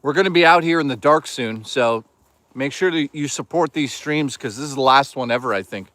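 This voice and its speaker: A man's voice: mid-range voice, fairly quick, fairly bright tone, no room sound. A man live-streaming from a woodland hike, rambling and swearing as he jokes and reads chat. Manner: rambling, profane, jokey. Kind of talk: casual live-stream chatter.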